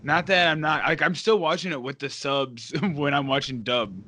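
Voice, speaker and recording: A man's voice: fairly high pitch, normal speed, sharp tone, slight background noise. A man hosting a casual podcast chat, rambling with lots of fillers and laughing often. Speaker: podcast host.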